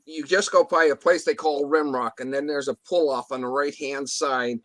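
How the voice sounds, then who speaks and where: A man's voice: a little high, fairly even intonation, normal speed, fairly bright tone, dry recording. A man telling a story in a casual interview, rambling with restarts and mild swearing, acting out what others said. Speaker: guest telling an encounter story.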